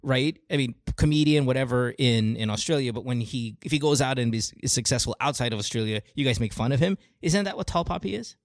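An animated male host from the Philippines chats with callers, circling back and restarting his sentences as he goes. His mid-range voice is recorded close and dry, with no room around it. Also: medium pitch, quick pace, hardly any pauses, dry recording. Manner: animated, talks through examples with frequent restarts and laughs. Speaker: radio show host. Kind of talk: casual chat with callers.

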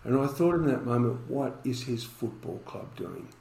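A man's voice: mid-range voice, big pitch swings, moderate pace, creaky, a little mellow, roomy sound, slight background noise, rough recording. A man, a podcast guest telling a story and acting out the dialogue in it.

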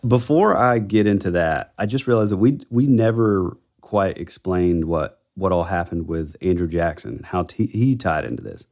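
This podcast co-host, a man, tells a ghost legend in casual conversation, rambling and correcting himself as he goes. His voice is low-pitched, expressive and a little mellow, moving at a moderate pace with hardly any pauses.

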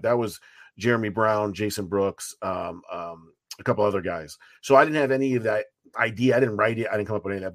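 A man, a fan-film writer and producer, talking as a podcast guest in a rambling, profane, animated way, with many restarts. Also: medium pitch, no room sound, clean studio sound. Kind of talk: casual podcast interview.

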